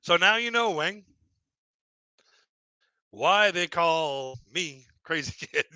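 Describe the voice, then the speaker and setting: A man's voice: fairly high pitch, lively intonation, slow, sharp tone, clean tone, no room sound, rough recording. A middle-aged man telling a stand-up story on a live stream, rambling and repeating himself, acting out other people in raised voices. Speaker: stand-up comedian.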